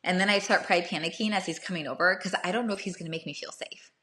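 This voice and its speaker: A woman's voice: on the low side, racing, bright, forceful tone. A young woman hosting casual dating advice talk for a live audience, chatty, often checking in with "right?" and acting out short bits of dialogue.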